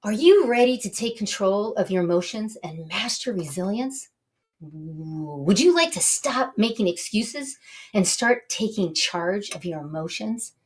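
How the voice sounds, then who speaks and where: A woman's voice: medium pitch, expressive, measured pace. A woman hosting her own show, introducing the episode in a bubbly, gushing and enthusiastic way. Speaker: show host.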